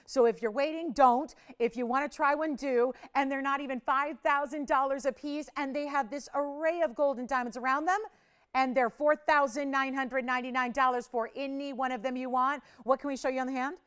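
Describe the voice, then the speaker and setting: A woman hosting a live TV shopping show, pitching with urgent countdowns and chatty, confiding asides from a studio. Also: steady tone, fairly quick, a bit bright. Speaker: shopping channel host.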